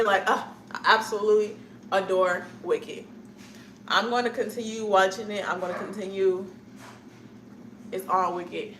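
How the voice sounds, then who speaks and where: A woman's voice: fairly high pitch, brisk, sharp tone, reverberant, a little hiss or hum, low-quality recording. A young woman chatting casually with her live viewers, rambling from one thought to the next and laughing often.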